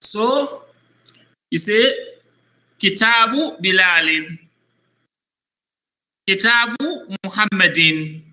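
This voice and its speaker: Man, language teacher, patient, repeats words slowly, high voice, sharp bright tone. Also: expressive, poor audio. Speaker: Arabic teacher. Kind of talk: one-on-one language lesson for a child.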